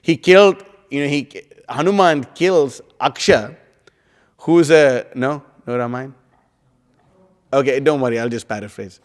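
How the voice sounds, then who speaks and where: A man giving a casual scripture class, rambling and animated, with lots of "you know" and "like". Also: medium pitch, unhurried, pauses often. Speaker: devotional class speaker. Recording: long hall reverb.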